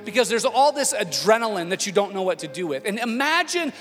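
A man in his thirties, a lead pastor, preaching a sermon with animated storytelling that swings between hushed tones and shouting. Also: high voice, brisk. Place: church auditorium. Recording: long hall reverb with faint music.

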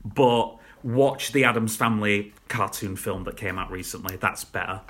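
A man's voice: fairly low pitch, normal speed, a bit bright. A young man co-hosting a podcast, chatting casually and rambling about shows, laughing at his own jokes. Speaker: podcast co-host. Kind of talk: casual chat reviewing shows.

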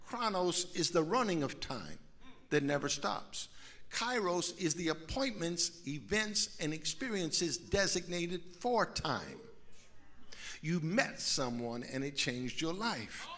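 A man preaching a sermon in church, moving from quiet musing to fervent, shouted preaching. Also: a little high, animated, slow pace. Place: church sanctuary.

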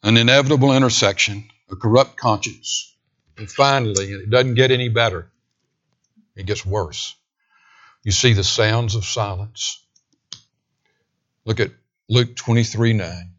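A man preaching a sermon with emphatic delivery, rising to raised declamation and dropping to a hushed near-whisper. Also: mid-range voice, normal speed, dull audio.

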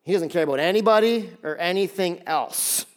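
A male pastor preaching a sermon, retelling a story in a lively, joking way and acting out the characters' lines. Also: high voice, brisk. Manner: lively storytelling, acts out voices.

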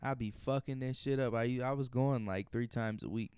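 A young man from Indiana co-hosting a podcast, joking loudly in profane, casual banter. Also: medium pitch, fairly even intonation, normal speed, smooth, no echo. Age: young adult. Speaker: podcast co-host. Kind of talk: casual chat.

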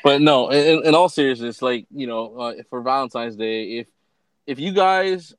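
A man's voice: mid-range voice, normal speed, clear, resonant tone, dry recording, poor audio. A man co-hosting a casual podcast, talking in a laid-back, slangy way and often stammering and restarting his sentences. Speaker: podcast co-host.

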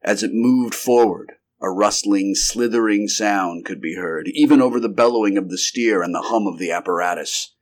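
A man's voice: on the low side, moderate pace, few pauses. A man narrating a 1930s science fiction story in an unrehearsed live reading, now and then restarting a sentence. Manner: occasional restarts mid-sentence. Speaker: amateur audiobook narrator.

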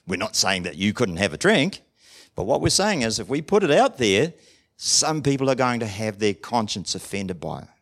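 A New man preaching in a chatty, conversational sermon. His pitch leaps up and down in a very animated way, and he keeps asking the congregation questions. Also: moderate pace. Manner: acts out short dialogues in different voices. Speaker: pastor.

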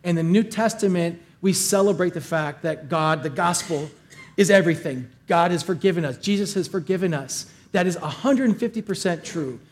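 A male pastor preaching a sermon, reading scripture and retelling it in casual, animated paraphrase. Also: sits high, normal speed.

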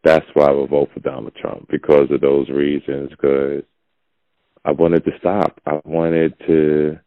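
A man's voice: flat delivery, unhurried, no room sound. A man hosting a podcast, giving a blunt, preachy opinion monologue in casual talk. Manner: blunt, preachy, gravelly and low. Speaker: podcast host. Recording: dull lo-fi audio.

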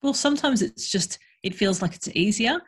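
A woman speaks frankly in a casual podcast chat. She has a husky, slightly breathy voice and a loose, chatty delivery full of fillers. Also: medium pitch, animated, normal speed. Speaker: guest, sex worker and educator.

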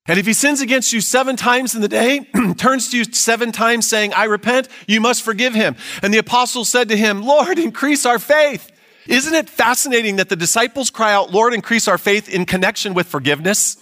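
A man's voice: high voice, fairly bright tone. A man preaching a sermon, earnest, reading scripture aloud and asking his listeners rhetorical questions. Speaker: pastor.

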